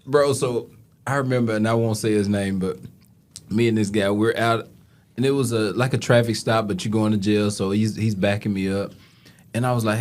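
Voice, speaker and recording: A police officer co-hosting a podcast, telling stories in an animated, slangy way. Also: male voice, lowish voice, normal speed. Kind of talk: casual chat.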